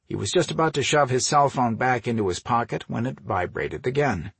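A man reading a novel aloud in a steady, measured storytelling voice. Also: mid-range voice, gravelly, husky, no echo. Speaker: audiobook narrator. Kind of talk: scripted narration.

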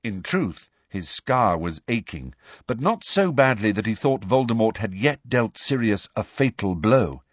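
Husky male audiobook narrator. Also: lowish voice, very animated, measured pace, no room sound, lo-fi sound.

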